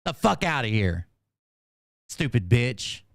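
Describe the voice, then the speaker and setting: A man's voice: mid-range voice, sing-song, takes it slowly, gravelly, fairly bright tone, no echo, clean studio sound. A man hosting a livestream, ranting in an angry, combative way and swearing constantly. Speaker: channel host.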